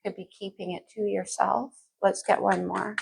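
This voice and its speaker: A woman's voice: medium pitch, level tone, normal speed, creaky, slight background noise, low-quality recording. A woman reading tarot cards for her viewers in a chatty, think-aloud way. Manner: chatty, thinks aloud, sings lyrics softly. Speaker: tarot reader.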